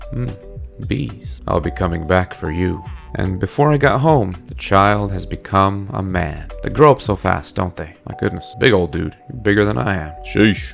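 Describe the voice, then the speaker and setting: A man's voice: deep voice, expressive, moderate pace, creaky. A man giving casual let's play commentary in a chatty way, often talking to characters in the game. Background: faint background music.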